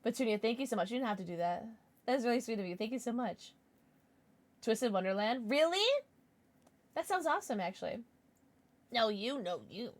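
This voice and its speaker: A young woman streaming live, chatting casually with her chat, thanking viewers and squealing with excitement. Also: a little high, fairly quick, long pauses.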